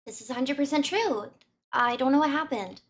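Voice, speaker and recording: A young woman streamer giving casual, animated, giggly reaction commentary. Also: high-pitched, fairly quick.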